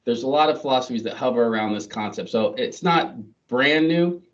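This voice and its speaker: A man's voice: medium pitch, lively intonation, a little fast. A middle-aged man giving a chatty, self-deprecating talk to an audience, with many fillers and restarts. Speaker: guest speaker. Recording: distant, dull lo-fi sound.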